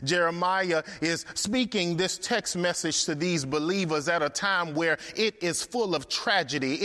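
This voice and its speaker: High bright-voiced man preaching. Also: big-room sound. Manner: emphatic, rhythmic preaching with repeated phrases. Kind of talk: sermon.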